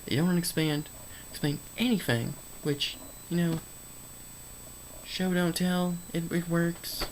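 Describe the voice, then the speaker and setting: Slow, gravelly rambling movie reviewer. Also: mid-range voice, fairly even intonation, slight background noise, poor audio. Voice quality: sarcastic, emphatic repetitions. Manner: rambling, stream of consciousness, self-correcting. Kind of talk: unscripted rambling film review.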